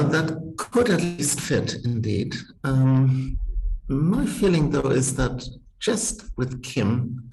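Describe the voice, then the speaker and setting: A man's voice: medium pitch, vocal fry, a little mellow, low-quality recording. A man teaching as a university Sanskrit professor, thinking aloud with careful restarts and small laughs, talking over a video call. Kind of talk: university text-reading seminar.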